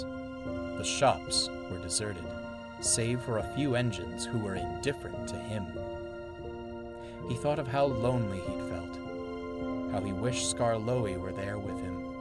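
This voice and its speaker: A man narrating a storybook in a gentle, expressive way. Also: on the low side, unhurried, over loud music.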